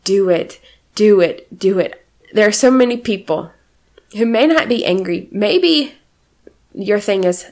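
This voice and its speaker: A woman preaching a sermon in a lively way, with frequent laughs, acting out the quoted lines. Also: medium pitch, measured pace, pauses often.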